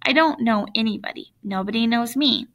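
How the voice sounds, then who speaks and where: Woman voicing a gentle, shy school counselor. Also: fairly high pitch, normal speed, close to an everyday voice. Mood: earnest. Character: friendly new female school counselor, shy.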